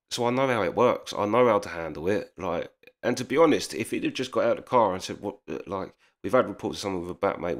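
A man telling a heated personal story in casual speech, swearing often and acting out the dialogue. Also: low-pitched. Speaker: storyteller vlogger.

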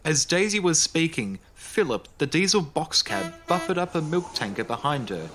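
A man reading a children's railway story as narrator, in a calm, even storybook manner. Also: a little high, normal speed, hardly any pauses, a little hiss or hum. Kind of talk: scripted narration. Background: music.

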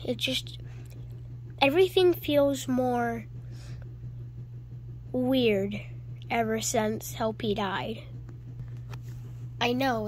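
Slow, high-voiced woman voicing a skit. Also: fairly bright tone, slight background noise. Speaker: creator of short toy skits. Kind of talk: voicing several characters in a homemade toy skit.

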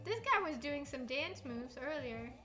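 A young woman co-hosting a casual livestream, excitable and chatty, reading viewer messages aloud. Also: high-pitched, a little slow, music in the background. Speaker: livestream co-host.

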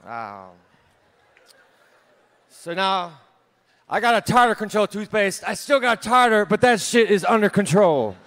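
Man, 30s, high-pitched voice. Deadpan stand-up comic, mumbles off and chuckles at his own lines, live theater. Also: a little slow, long pauses. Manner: deadpan one-liners, trailing off and laughing at himself. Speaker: stand-up comedian. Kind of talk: stand-up set. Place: large theater stage, live audience.

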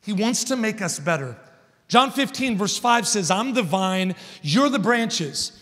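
Man, 30s, guest preacher; storytelling sermon with rising emphatic peaks, higher voice, reverberant sanctuary. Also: expressive, a little slow. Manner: storytelling, builds to loud emphatic points. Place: large church hall. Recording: long church hall reverb.

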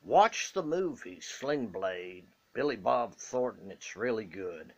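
A man's voice: fairly low pitch, lively intonation, slow. A man casually recommending a movie to the camera in a plain, earnest, repetitive way. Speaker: video maker. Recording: dull lo-fi recording.

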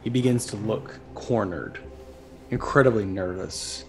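A man's voice: on the low side, measured pace, a little mellow. Male game master, descriptive narrator, faint score under. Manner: descriptive storytelling with character asides. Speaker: dungeon master. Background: faint background music.

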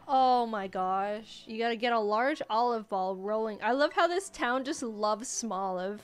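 A young woman in her twenties casually commenting while playing a video game, often jumping high when excited. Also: moderate pace, few pauses, smooth. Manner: excitable, squeals high at cute creatures. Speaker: gaming YouTuber. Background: faint game music.

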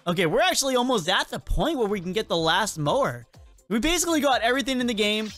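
Excitable young-sounding gaming host. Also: male voice, sits high, fast, faint music behind. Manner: excitable, rambling, self-mocking. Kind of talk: casual let's-play commentary.

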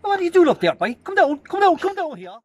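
A man putting on a high, squeaky Irish country man with an Irish accent, calling someone down. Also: very animated, quick pace, no echo. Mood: hollering.

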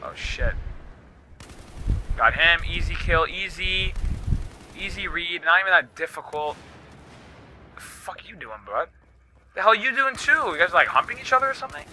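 A young man commentates a live shooter match, his voice very bright and set a little high for a man. He swears freely and snaps into frustrated outbursts, with faint game noise underneath. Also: very animated, normal speed, long pauses. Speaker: gaming YouTuber.

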